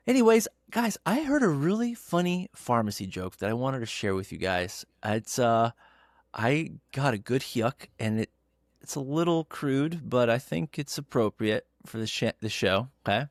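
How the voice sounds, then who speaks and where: Hosting a casual podcast, a man tells stories with lively, acted-out quotes. He speaks at a medium pitch and moderate pace. The recording is dry, with clean studio sound.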